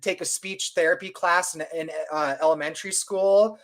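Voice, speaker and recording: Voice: mid-range voice, steady tone, normal speed, fairly bright tone. A panel guest on a video call, talking heatedly in casual chat, stuttering and swearing freely.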